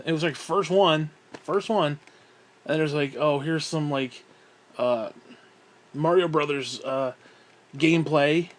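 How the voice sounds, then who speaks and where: A young man rambling through a casual, profane vlog monologue, often breaking into laughs and sighs. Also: fairly high pitch. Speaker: vlogger.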